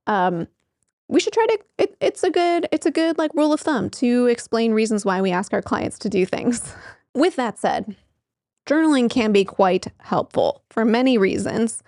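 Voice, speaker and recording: A woman's voice: fairly high pitch, animated, moderate pace, darkish tone, no room sound, studio quality. A woman therapist in her thirties talking casually to camera, chatty with frequent laughs and fillers. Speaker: therapist and show host. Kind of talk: casual explanatory talk to camera.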